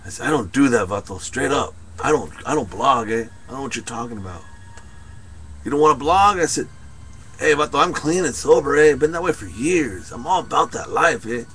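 A man's voice: mid-range voice, animated, a little fast, fairly bright tone, pitched below the performer's own voice, natural voice. A young man playing a tough but sentimental male ex-convict, ending lines with a drawled "eh?". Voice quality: drawls tag "eh?" after lines. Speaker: comedy performer. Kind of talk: improvised comedy skit.

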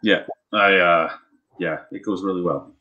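A man's voice: low voice, fairly even intonation, a little slow, sharp tone, lo-fi sound. A man co-hosting a podcast, telling rambling stories with lots of swearing and restarts in casual chat. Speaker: podcast co-host.

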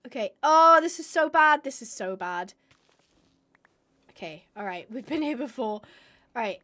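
A woman's voice: sits high, expressive, measured pace, sharp tone. A young woman streaming a game live, chatting to viewers and gushing and squealing over cute animals.

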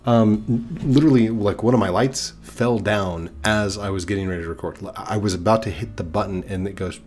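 Young male gamer, congested, lowish voice, chatty and self-deprecating over gameplay. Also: a little fast, a little mellow. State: stuffed-up nose. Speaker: gaming YouTuber. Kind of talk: casual gameplay commentary.

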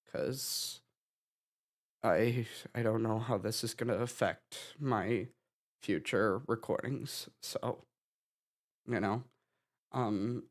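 A young man speaks slowly and haltingly, tearful after crying, often sighing and restarting his sentences. His voice sits in a middle pitch as he talks through a personal update for his channel. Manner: halting, with many restarts and sighs. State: tearful, having been crying. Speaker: gaming YouTuber.

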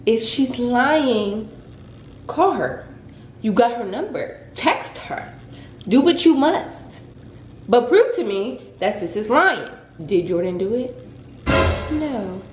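A young woman casually telling a dramatic story on her vlog, in a lively, expressive way. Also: a little high, slow, pauses often, slight background noise. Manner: dramatic, animated retelling. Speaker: vlogger. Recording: echoey room.

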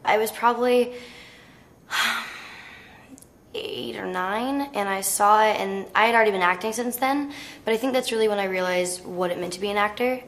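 A teenage girl telling stories casually in an interview, chatty and animated, with plenty of filler words. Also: mid-range voice, fast. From United States. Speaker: actress interviewee.

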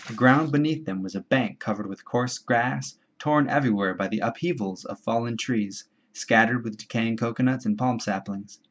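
A man reading a novel aloud in a measured, steady storytelling voice. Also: mid-range voice. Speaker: audiobook reader. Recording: dull lo-fi home recording.

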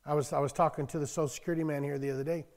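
Folksy older preacher in an echoing hall. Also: male voice, a little high, flat delivery, racing. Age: 60s. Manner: folksy, storytelling, bursts of loud emphasis on scripture. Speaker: pastor. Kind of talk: conversational sermon.

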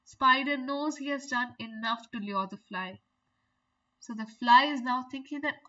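A woman's voice: sits high, a little slow, bright, forceful tone, muffled recording. A woman teaching a poem, explaining lines and reading the verses aloud with expression. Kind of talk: poetry lesson with read-aloud.

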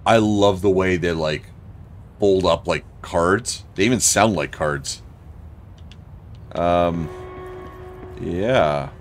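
A man's voice: low-pitched, slow, long pauses, a little hiss or hum. A young man commenting casually on his gameplay, thinking aloud and swearing often. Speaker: let's play gamer.

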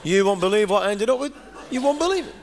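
A man with a Northern English accent performs a live stand-up set for an audience, his voice high-pitched, animated and fast over a noisy background. The comedian rambles and chats his way through stories full of asides.

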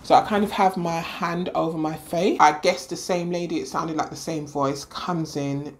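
A young woman vlogger casually telling a personal story, chatty and animated, acting out what others said. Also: sits low, moderate pace. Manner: chatty, animated retelling with quoted voices and laughs.

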